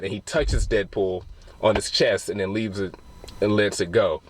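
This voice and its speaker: A man's voice: on the low side, steady tone, moderate pace, a little hiss or hum. A man giving a casual, rambling spoiler review of a film, retelling scenes with plenty of swearing.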